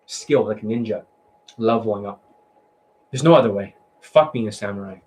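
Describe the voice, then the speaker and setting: A man's voice: fairly low pitch, moderate pace, a little mellow, a little hiss or hum, rough recording. A man coaching on dating in a blunt, mocking monologue, swearing often and mimicking voices to make his points.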